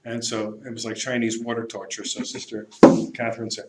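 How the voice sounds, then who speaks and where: A priest giving a lecture, telling stories in a lively way and laughing at his own tales. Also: mid-range voice, a little fast. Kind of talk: lecture with anecdotes. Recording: echoey lecture room, faint hum.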